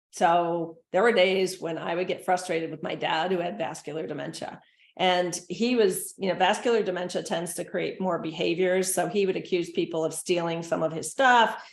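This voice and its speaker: Speaking to caregivers in a recorded presentation, a middle-aged dementia care consultant talks conversationally and earnestly, performing gentle quoted lines along the way. Her pitch is fairly low, and the audio has a roomy quality.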